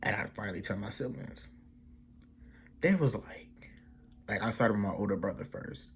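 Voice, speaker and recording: A man's voice: on the low side, steady tone, quick pace, a little hiss or hum. A young man casually telling a personal story for his vlog, rambling with slang and restarts and quoting his family in their own voices. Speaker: vlogger.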